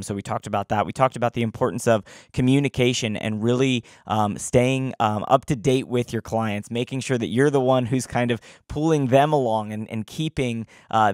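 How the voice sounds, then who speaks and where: A man's voice: mid-range voice, no room sound, studio quality. A man hosting an interview, asking questions in a friendly, curious way. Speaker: podcast host. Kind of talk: casual interview conversation.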